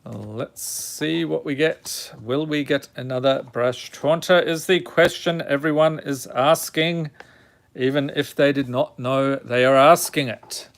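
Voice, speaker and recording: A man's voice: mid-range voice, fairly even intonation, a little slow, creaky. A man hosting a casual card pack-opening video, reading out card names with dry, self-mocking humour. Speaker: channel host opening card packs.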